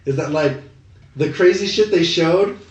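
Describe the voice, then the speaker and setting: A man co-hosting a podcast, chatting casually about movie news, animated and profane, with lots of filler words. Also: a little high, a little slow, lo-fi sound. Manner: swearing, animated, many "like" fillers. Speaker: podcast co-host. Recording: echoey room.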